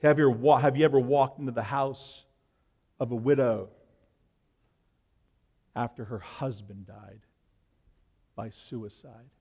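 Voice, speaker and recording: A male pastor preaching an impassioned sermon, swinging between loud, urgent lines and hushed ones. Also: medium pitch, steady tone, takes it slowly, long pauses, long reverb tail, muffled recording.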